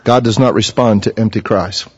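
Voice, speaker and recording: A man's voice: normal speed, a little mellow, breathy edge. Man preaching in a reverberant hall. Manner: earnest, rises in pitch to voice quoted figures. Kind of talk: sermon. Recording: muffled sound in a reverberant hall.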